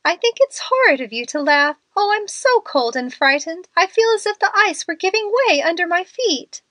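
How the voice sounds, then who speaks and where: A woman's voice: very high voice, animated, moderate pace, sharp tone, no echo, voice pushed up, heavily acted. A woman voicing a timid, panicky young woman who talks in a fretful, pleading way. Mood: frightened.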